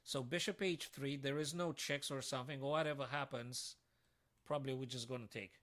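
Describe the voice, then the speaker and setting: A man streaming live chess puzzles, with a medium-pitched voice. He thinks aloud to his viewers as he works through the moves and keeps breaking into excitable, frustrated outbursts. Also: a little fast.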